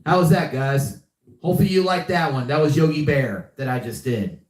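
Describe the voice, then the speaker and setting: A man's voice: fairly high pitch, normal speed, roomy sound. A young man hosting a live podcast, chatting casually and often repeating himself. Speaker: podcast host. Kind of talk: casual live-stream chat.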